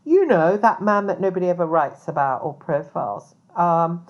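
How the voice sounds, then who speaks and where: A woman's voice: fairly low pitch, lively intonation, normal speed. Aggrieved woman, lo-fi. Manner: aggrieved, rambling, with many ums. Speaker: private investigator. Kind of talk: indignant monologue to camera. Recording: dull lo-fi sound.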